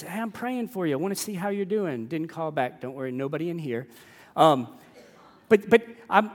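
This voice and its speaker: A man preaching a sermon as pastor, earnest and emphatic, repeating key phrases and dropping low and soft on them. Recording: long reverb of a church hall.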